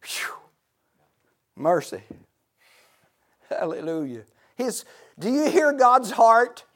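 A man preaching a fervent sermon who swings between hushed, intimate talk and loud shouts, with frequent laughter. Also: very high voice, big pitch swings, takes it slowly.

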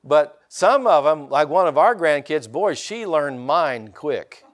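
An older man from Indiana takes his time preaching, his slightly high voice full of expression. The pastor's folksy sermon is peppered with calls for amens from the congregation.

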